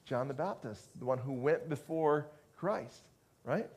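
A man's voice: fairly high pitch, expressive, unhurried, a little mellow, breathy edge. A man preaching a conversational sermon to a congregation, often restarting phrases and asking the listeners questions. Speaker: pastor.

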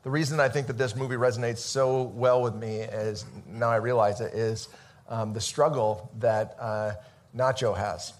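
A man's voice: mid-range voice, fairly even intonation, normal speed. A male pastor giving a casual sermon in a church over a microphone, talking in a chatty, conversational way with many fillers and restarts. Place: church sanctuary. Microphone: amplified microphone.

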